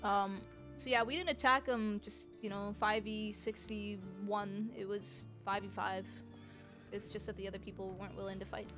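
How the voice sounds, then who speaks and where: A woman's voice: medium pitch, steady tone, moderate pace, music in the background. A woman streamer chatting casually with her viewers about her role-play character, swearing freely. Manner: chatty, swears, talks to chat.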